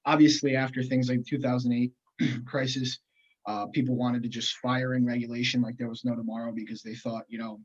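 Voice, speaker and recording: A man's voice: mid-range voice, flat delivery, a little fast, dull audio. A man co-hosting a casual economics podcast, speaking earnestly and hesitantly, with many restarts. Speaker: podcast co-host.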